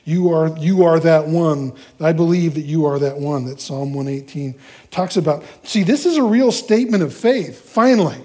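A man preaching a sermon, walking through a scripture passage verse by verse and acting out the characters' lines in an animated way. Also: on the high side, moderate pace.

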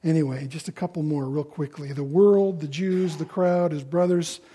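A man preaching a sermon in a conversational way, acting out the people he quotes in louder voices. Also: fairly high pitch, steady tone, moderate pace, breathy edge. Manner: conversational, acts out quoted voices with rising loudness.

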